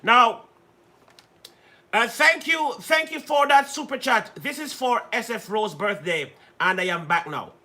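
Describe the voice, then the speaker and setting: A man's voice: extremely high pitch, animated, measured pace, pushed and bright. A man hosting a livestream in playful, casual chat, repeating himself and laughing often. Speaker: livestream host.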